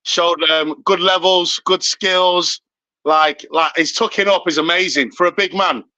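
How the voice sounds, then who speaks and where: Bright-voiced British man, chatty podcast host. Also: sits high, fairly even intonation, unhurried. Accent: British English. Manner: chatty, laughs often. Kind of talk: casual chat. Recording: dull lo-fi audio.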